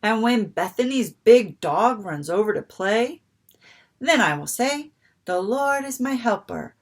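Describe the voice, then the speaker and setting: A woman's voice: fairly high pitch, animated, unhurried. A woman voicing a small, sleepy, frightened little girl who grows earnest and brave.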